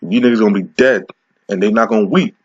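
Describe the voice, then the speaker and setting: A man's voice: lowish voice, husky, dull audio. Profane, confrontational man preaching scripture. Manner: confrontational, profane, repeats "okay?"; slows down to read verses aloud. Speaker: street preacher. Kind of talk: scripture reading with commentary.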